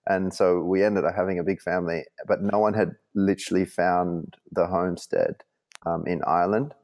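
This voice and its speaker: A man's voice: low-pitched, steady tone, moderate pace, a little mellow. Rambling young Australian man telling a story. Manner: rambling, full of likes and restarts. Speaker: guest. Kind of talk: casual storytelling.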